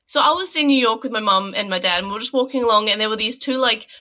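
Woman co-host, casual swearing storyteller, bright upper voice. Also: fairly high pitch, fast talker. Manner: swears freely, animated storytelling. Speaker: podcast co-host. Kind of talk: casual chat.

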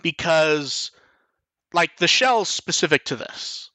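A man hosts a podcast in relaxed, rambling chat, peppering his sentences with fillers and restarts. His voice sits a little high and sounds bright and tense. The recording is dry and close, with no room sound. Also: slow pace, dry recording. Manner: rambling, frequent 'like' and restarts, swears casually. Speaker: podcast host. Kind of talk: casual chat.

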